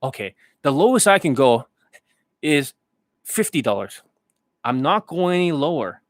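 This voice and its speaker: A man doing an impression of a stubborn male pawn shop owner, haggling gruffly over a price. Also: on the high side, very animated, a little slow, dry recording, studio quality.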